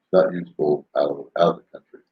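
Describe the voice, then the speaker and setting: A man's voice: a bass voice, fairly even intonation, fast. An older man chatting casually on a live stream, rambling and laid-back, laughing often as he answers viewers. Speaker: vlogger answering live chat. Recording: roomy, dull lo-fi sound.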